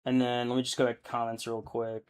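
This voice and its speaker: A man's voice: medium pitch, completely flat delivery, quick pace, clean tone. A young adult man chatting casually on a live stream while painting miniatures, rambling, thinking aloud and laughing easily.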